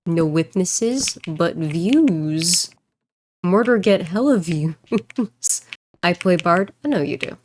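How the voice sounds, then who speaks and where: A woman streamer and voice actor chatting casually while she plays, rambling and joking and quick to laugh. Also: on the low side, animated, darkish tone, slight background noise. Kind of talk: casual livestream chat while gaming.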